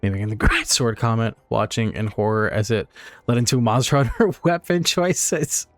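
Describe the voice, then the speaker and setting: A man's voice: medium pitch, moderate pace, no room sound, faint music behind. A man giving casual, rambling let's play commentary, laughing and swearing as he goes. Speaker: streamer.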